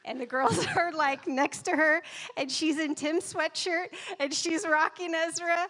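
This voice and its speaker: A woman's voice: high voice, steady tone, unhurried, a bit bright, long reverb tail. Woman in her 30s telling family stories at church, chatty, laughs a lot, um-heavy. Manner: chatty and conversational, laughs often, many fillers. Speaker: guest speaker at a church service. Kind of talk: personal stories in a church message. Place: church sanctuary.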